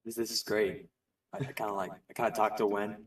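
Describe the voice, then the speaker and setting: A man's voice: fairly low pitch, level tone, quick pace, far from the mic. A man playing in a tabletop game, hesitant and stammering as he asks and explains. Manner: hesitant, soft-spoken, stammering. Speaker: player. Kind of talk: in-character tabletop play.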